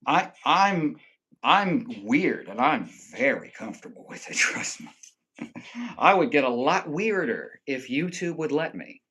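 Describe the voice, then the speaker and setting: A man's voice: a little high, sing-song, measured pace, bright, forceful tone, husky. A man hosting a casual livestream, reading viewer comments aloud and answering with joking, profane banter. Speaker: live streamer.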